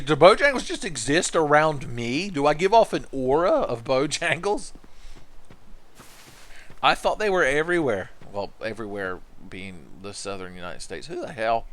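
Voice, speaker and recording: A man giving casual commentary over his gameplay, riffing and cursing freely. His pitch swings widely as he jumps between loud outbursts and low asides. His voice sits in a middle register. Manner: joking, profane, excitable outbursts. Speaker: livestreamer playing a video game.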